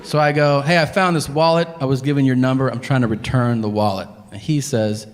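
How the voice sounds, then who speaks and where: A man telling a stand-up story on stage, animated and profane, acting out other people with grunts and flat voices. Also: medium pitch, brisk, few pauses, a little hiss or hum. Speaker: stand-up comedian. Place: comedy stage before a live audience. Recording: stage mic in a hall with faint ambience.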